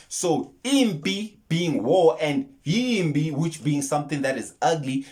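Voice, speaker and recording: A man's voice: a little high, animated, a little slow, few pauses, a little mellow. Earnest man breaking down a film. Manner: earnest, repeats and restarts words, retells scenes. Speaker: YouTube film commentator. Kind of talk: casual film breakdown monologue.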